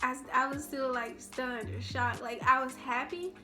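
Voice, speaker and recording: A woman's voice: high-pitched, steady tone, a little slow, music in the background. A young woman telling a personal story in a casual storytime vlog, rambling and full of restarts. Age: young adult. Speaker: vlogger.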